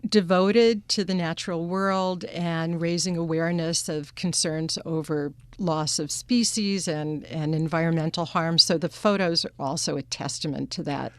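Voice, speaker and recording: A woman's voice: low-pitched, fairly even intonation, moderate pace, hardly any pauses, clean tone, dry recording. A woman from a museum staff, speaking in an upbeat, friendly way in a radio interview in a studio.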